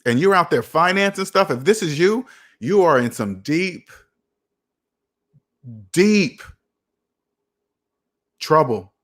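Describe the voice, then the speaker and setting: A man's voice: fairly high pitch, expressive, slow pace, long pauses, fairly bright tone. A man hosting a personal finance livestream, talking emphatically to his chat, repeating points and asking rhetorical questions.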